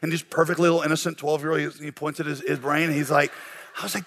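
A man preaching as a pastor, telling a lively story and acting out shouted lines before turning to a quieter lesson. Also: sits high, quick pace. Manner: animated storyteller, acts out shouted quotes. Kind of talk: sermon with a told story.

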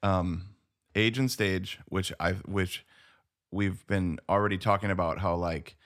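A man's voice: deep voice, steady tone, unhurried, fairly bright tone. A man in his thirties co-hosting a podcast, chatting casually with slang and a laid-back manner. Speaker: podcast co-host. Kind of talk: casual chat.

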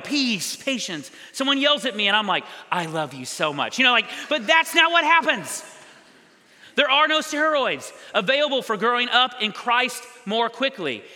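Male pastor, high and bright voice, casual storytelling sermon. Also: big-room sound. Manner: animated, conversational, acts out little scenes. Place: church sanctuary.

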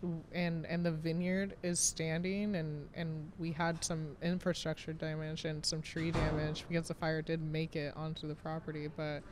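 A woman's voice: sits low, flat delivery, moderate pace, few pauses, background noise. A woman in her late twenties, a vineyard manager, talking casually in an interview, chatty and self-deprecating, laughing often between many fillers. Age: 20s.

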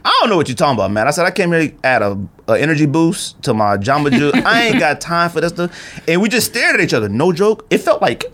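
A man in his thirties from Arizona, hosting a podcast and telling a casual story, acting out the people he quotes. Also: fast talker. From Arizona, USA. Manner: animated storyteller acting out quotes with big pitch jumps. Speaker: podcast host.

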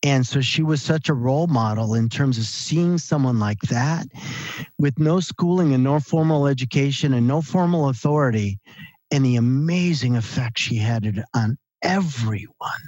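A man's voice: mid-range voice, normal speed, a little mellow, no room sound, dull audio. A man who is an author, a guest on a podcast, speaking earnestly and reflectively. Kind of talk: casual interview chat.

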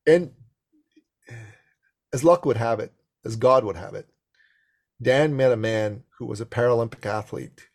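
A man with a gravelly voice tells a business story to his interviewer. His pitch sits in the middle range, and he acts out the lines of the people in the story with real animation. His tone stays plain and conversational. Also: unhurried, long pauses, darkish tone.

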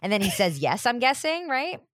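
A woman co-hosting a podcast, joking around in a casual chat with vocal fry. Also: fairly high pitch, very animated, moderate pace, a bit bright, no room sound, studio quality. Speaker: podcast co-host.

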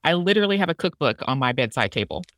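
A woman's voice: sits low, big pitch swings, racing, a bit bright, no room sound, clean studio sound. A woman taking part in a podcast discussion, speaking with enthusiasm. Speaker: podcast guest. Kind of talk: casual discussion.

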